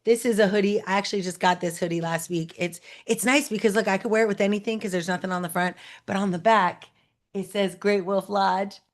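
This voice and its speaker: Bubbly woman host chatting away while she opens gifts, mid pitch, lots of little asides. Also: steady tone, fairly quick. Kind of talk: casual chat while unboxing gifts.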